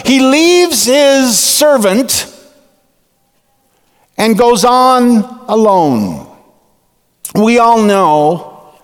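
High-voiced slow preaching man. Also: very animated. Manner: slow, deliberate preaching with dramatic pauses. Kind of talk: sermon. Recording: long reverb of a large hall.

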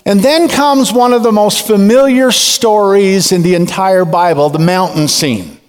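A man preaching a sermon in a slow, deliberate way with dramatic pauses. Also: sits high. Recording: long reverb of a large hall.

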